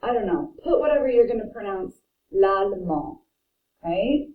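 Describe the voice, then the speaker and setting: A woman teaching a French vocabulary lesson, slowly repeating each word and thinking aloud as she writes. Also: medium pitch, expressive. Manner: repeats words slowly and carefully, thinking aloud while writing. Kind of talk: slow classroom pronunciation lesson. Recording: dull, roomy sound from a distance.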